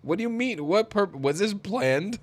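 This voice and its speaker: A man's voice: high-pitched, expressive, moderate pace. A young adult man hosting a reaction commentary, talking bluntly and mockingly, with frequent swearing. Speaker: commentary host.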